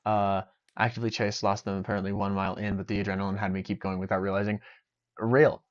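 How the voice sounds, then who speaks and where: A man's voice: low-pitched, completely flat delivery, racing. A young man chatting casually while streaming a game, rambling and joking to himself. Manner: rambling, joking self-talk. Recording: dull lo-fi sound.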